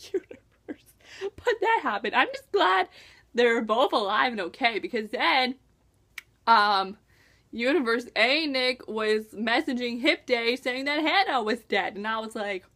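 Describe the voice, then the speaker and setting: A young woman excitedly reviewing a book in a casual vlog, gushing and acting out her own reactions. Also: fairly high pitch, unhurried. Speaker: book vlogger.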